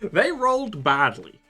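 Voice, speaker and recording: A man narrating a tabletop role-playing session as game master, casual and quick with laughter. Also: very high-pitched, bright, forceful tone.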